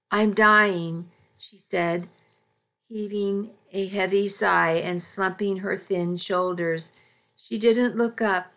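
A woman reading a first-person story aloud in a measured, even storytelling delivery. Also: mid-range voice. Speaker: audiobook narrator. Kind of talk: first-person scripted narration.

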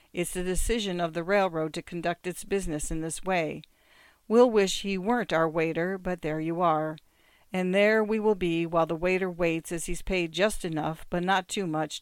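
A reader with a smooth, clean voice working through short stories in an even, measured way. The sound is dry and close, without any room around it. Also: medium pitch, no room sound. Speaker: audiobook reader. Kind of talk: scripted narration of short stories.

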